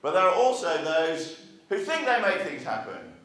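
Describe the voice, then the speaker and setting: A man's voice: fairly high pitch, very animated, normal speed, fairly bright tone. A man giving a marketing speech to a live audience at a regional meeting, chatty and full of rhetorical questions put to the room. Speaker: marketing speaker. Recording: echoey hall, mic far off.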